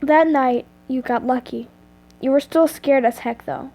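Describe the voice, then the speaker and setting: A woman's voice: high voice, unhurried, dark tone. A woman reading a fan story aloud, often stumbling and correcting herself. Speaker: reader of fan fiction.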